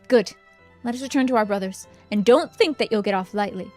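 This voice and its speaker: A woman's voice: a little high, expressive, measured pace, darkish tone, faint music behind. A woman voicing a stern, protective male rebel captain, reading game dialogue aloud.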